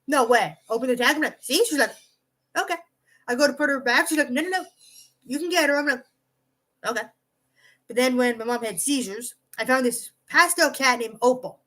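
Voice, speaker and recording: High-pitched young woman just rambling thru a story, cusses a lot, keeps restarting. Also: fairly bright tone. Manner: rambling, restarts often, swears casually. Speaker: vlogger. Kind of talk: casual storytelling.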